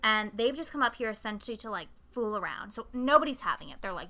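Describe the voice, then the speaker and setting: A woman's voice: medium pitch, fast, creaky, few pauses. A young woman co-hosting a podcast, chatting casually and rambling as she recaps a film, swearing and acting out quotes. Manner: rambling, animated, profane, acts out quotes. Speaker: podcast co-host.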